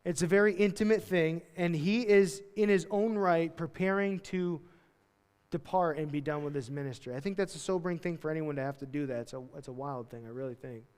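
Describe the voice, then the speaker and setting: A man delivers a sermon in a loose, conversational way, dropping slang and acting out the voices in his reading. His voice sits high for a man. The sound carries the long reverb of a church hall. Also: brisk, darkish tone, smooth. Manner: conversational, slangy preaching with acted-out quotes. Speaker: pastor.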